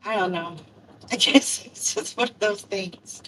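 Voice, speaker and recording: A woman's voice: mid-range voice, unhurried, a bit bright. An older woman from Kentucky with a country accent, chatting in a rambling, self-deprecating way while she drives for deliveries and streams live. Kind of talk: casual chat. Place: in a car while driving. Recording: distant phone mic with faint road noise.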